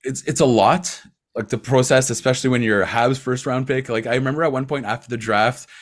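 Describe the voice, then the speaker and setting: A man in casual sports chat about hockey, animated, laughing often, with quick asides. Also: mid-range voice. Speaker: hockey commentator.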